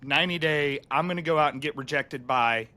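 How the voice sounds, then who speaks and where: A man co-hosting a podcast, speaking in a relaxed, conversational way. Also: mid-range voice, a little fast. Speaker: podcast co-host. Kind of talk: casual podcast chat.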